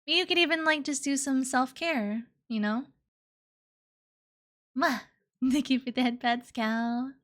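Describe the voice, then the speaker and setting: A woman's voice: high-pitched, slow, long pauses, a bit bright. A young woman streaming live, chatting casually and playfully with her chat, giggling and slipping into cutesy baby talk. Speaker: VTuber streamer.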